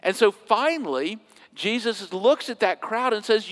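High-voiced man preaching in a reverberant hall. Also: animated, unhurried. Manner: swings from loud emphatic quoting to hushed near-whispers. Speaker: pastor. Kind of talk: sermon.

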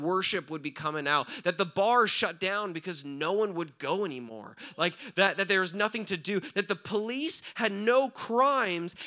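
A young male pastor with a high, bright voice preaches in a loose, conversational way, dropping "right?" and "like" between points. He shifts from hushed, quiet asides to fervent, energetic storytelling. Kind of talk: sermon.

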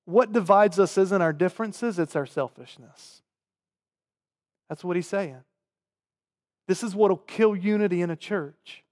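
A man with a Southern US accent, preaching a sermon to his congregation and swinging between loud emphatic lines and quiet, low asides. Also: a little slow, long pauses. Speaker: pastor. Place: church sanctuary. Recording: long hall reverb.

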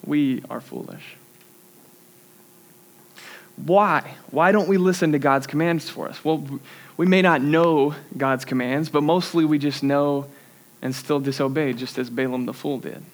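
A man's voice: on the high side, fairly even intonation, unhurried. A young man preaching a sermon in a church, earnest and conversational, with self-deprecating asides.

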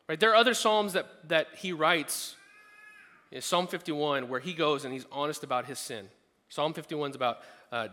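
Pastor, male, earnest conversational sermon delivery, bright voice with a slightly high pitch, big reverberant hall sound. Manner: earnest, conversational preaching with frequent restarts.

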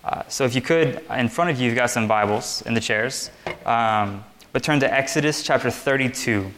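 A young man in the middle of an informal sermon, with a voice that sits at an ordinary, mid-range pitch for a man. He talks as if chatting with friends, loose and easygoing, full of little fillers. He is speaking to a group gathered on chairs in a meeting room. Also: normal speed, a little hiss or hum. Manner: conversational, relaxed and chatty, with many fillers. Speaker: preacher. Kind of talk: casual sermon.

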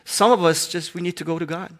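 This male pastor talks fast in a slightly high voice with fairly even intonation. His sermon weaves in humorous stories, and he playfully voices the characters in them.

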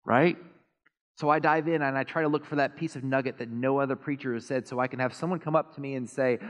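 Animated pastor preaching in a reverberant hall. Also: male voice, mid-range voice, fast. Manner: animated, self-deprecating, swings from quiet to loud. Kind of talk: sermon. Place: church sanctuary. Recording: long reverb of a church hall.

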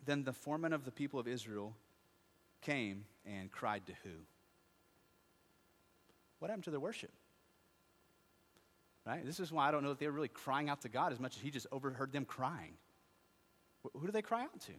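A man gives a sermon as a pastor, animated and medium-pitched, at a moderate pace marked by long pauses. He asks the congregation questions, answers them himself, and moves between quiet asides and loud, impassioned moments in a hall with long reverb.

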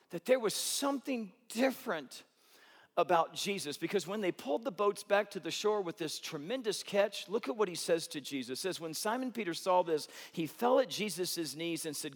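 A middle-aged man preaching a sermon as a pastor, telling the story with humor and swinging between loud, animated stretches and hushed ones. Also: sits high, moderate pace, big-room sound.

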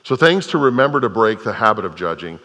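Earnest pastor in a reverberant hall. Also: male voice, on the low side, big pitch swings, quick pace, bright, forceful tone. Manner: earnest, repeats phrases for emphasis. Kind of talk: sermon.

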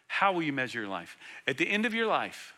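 A middle-aged male pastor delivering a sermon, earnest and emphatic, swinging between loud emphasis and hushed tenderness. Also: on the high side, very animated, fairly quick.

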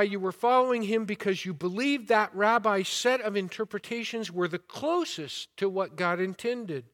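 Male pastor, sermon delivery, high-pitched, unhurried, builds to emphatic points. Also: big-room sound. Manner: deliberate preaching with rising emphasis and quiet asides.

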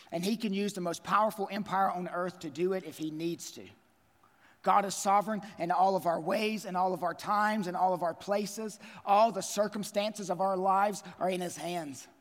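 A man's voice: sits high, a bit bright, big-room sound. A man preaching a sermon as pastor, emphatic and repeating key phrases.

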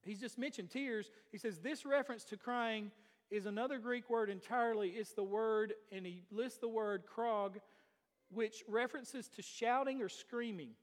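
High-voiced preacher in a reverberant church. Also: male voice, moderate pace. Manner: swings between loud declarations and hushed asides, with many rhetorical questions. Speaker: pastor. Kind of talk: sermon. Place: church sanctuary.

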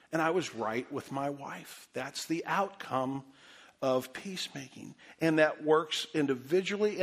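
A middle-aged man preaching a sermon as pastor, telling a story with self-deprecating humor and then turning soft and earnest. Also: a little high.

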